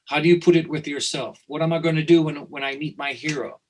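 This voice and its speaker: A man's voice: a little high, steady tone, fast talker, slight background noise, poor audio. A man from Italy speaking English, telling stories animatedly in a casual interview, often restarting and repeating words. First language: Italian. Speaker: guest, company founder.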